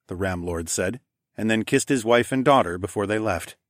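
A man narrating a first-person fantasy audiobook, lively and casual, giving the characters their own voices. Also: fairly low pitch, moderate pace, no echo, studio quality.

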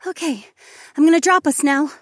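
A man doing a fierce high-voiced young princess. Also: moderate pace, dry recording, clean studio sound. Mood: reassuring. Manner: determined, firm. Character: fierce young woman princess, golden blonde.

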